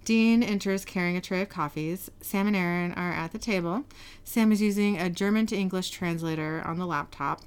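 A woman hosting an easygoing podcast narrates a TV episode scene after scene, her lowish voice smooth and moderately paced. Character lines get short voice shifts as she reads them, and her laughter comes often.

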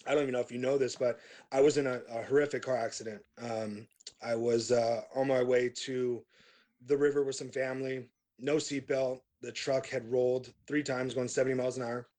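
A middle-aged man talks through his past as a podcast guest. His delivery is relaxed and rambling, full of fillers and false starts. His voice sits at an ordinary, middle pitch for a man. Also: a little fast. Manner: laid-back, rambling, many fillers and restarts. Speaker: metal band vocalist, podcast guest. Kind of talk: casual interview storytelling.

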